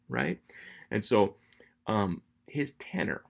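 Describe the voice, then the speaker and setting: A man with a low, heavily gravelly and husky voice walks through a Bible passage. He reads the verses aloud, then retells them in casual, slangy everyday talk, like a relaxed teacher explaining a story. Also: slow pace. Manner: conversational, paraphrases scripture in slangy everyday talk.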